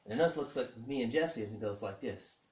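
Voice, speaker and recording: A man telling a personal story in a lively way, acting out what each person said. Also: medium pitch, fairly quick, recorded from a distance. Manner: animated, acts out the dialogue of everyone in the story. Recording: echoey room.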